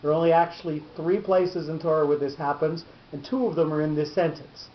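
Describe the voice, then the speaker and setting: A man teaches a class on Torah cantillation in a voice on the high side, brisk and steady in tone. He explains patiently, step by step, frequently restarting his sentences. The recording is echoey and lo-fi, with slight background noise.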